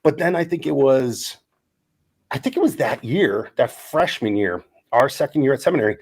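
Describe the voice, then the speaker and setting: A middle-aged man co-hosting a podcast, telling lively stories and acting out the quotes. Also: mid-range voice, moderate pace, breathy edge. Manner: animated storyteller acting out quotes. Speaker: podcast co-host. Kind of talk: casual storytelling chat.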